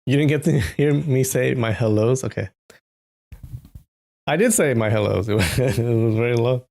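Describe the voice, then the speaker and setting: A man reading a novel on a live stream chats casually with viewers, greeting them by name and tossing in animated asides. His mid-range voice carries vocal fry at a moderate pace.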